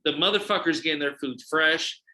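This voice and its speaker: A man telling stories casually on a podcast. He is animated and swears freely, and he acts out the voices of the people in his stories. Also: fairly high pitch, fairly quick. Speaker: podcast guest and delivery driver. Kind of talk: casual storytelling. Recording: echoey room.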